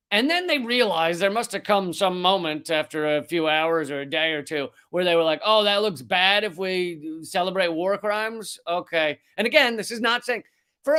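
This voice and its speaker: A man's voice: sits high, a bit bright. A man hosting a comedy news show, ranting with sarcasm, heat and plenty of swearing. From United States. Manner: profane, sarcastic, heated. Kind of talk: ranting satirical commentary.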